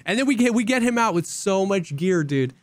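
Young man, podcast co-host, animated storytelling, higher voice, dry mic. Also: a little fast, no echo. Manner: animated storyteller, acts out quotes. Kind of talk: casual chat.

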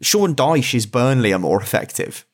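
A man's voice: mid-range voice, very animated, moderate pace. A man co-hosting a casual football podcast, making matter-of-fact points and throwing in short, dry interjections.

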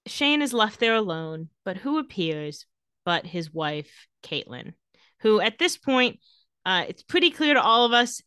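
A woman co-hosting a casual podcast, recounting a story with animated delivery. Her pitch swings widely, and the sound is dry and close with no room behind her. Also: a little slow, clean tone, dry recording. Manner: animated storytelling, laughs often. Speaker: podcast co-host. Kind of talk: casual recap chat.

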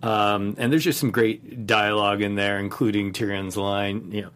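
A man's voice: on the low side, steady tone, a bit bright, slight background noise. A man co-hosting a casual podcast, talking thoughtfully about a favorite scene. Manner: thoughtful, measured, with fillers. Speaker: podcast co-host. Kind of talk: casual chat.

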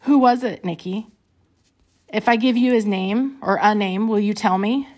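A woman voicing a concerned young man on the phone who gently presses with questions, read in her own voice. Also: mid-range voice, moderate pace, natural voice.

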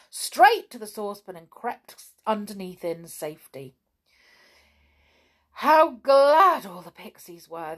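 A woman reading a children's story aloud in a slow, expressive way. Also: mid-range voice.

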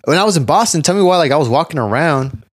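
Male podcast co-host with an animated delivery and loose, profane stories. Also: a little high, fast talker, no room sound, studio quality. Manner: animated storyteller, swears a lot, acts out his stories. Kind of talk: casual chat.

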